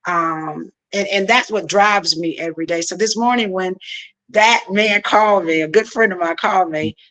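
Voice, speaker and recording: A woman guest running for office speaks earnestly on a talk show. She pauses often and fills gaps with ums and uhs. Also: on the low side, fairly bright tone, poor audio. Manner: earnest, halting with frequent fillers. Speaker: political candidate guest. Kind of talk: heartfelt interview answers.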